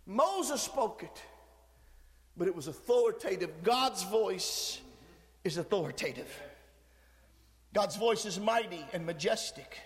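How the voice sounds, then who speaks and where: A man preaching a sermon, moving between quiet teaching and shouted, fervent passages. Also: high-pitched, expressive, slow pace, pauses often, big-room sound.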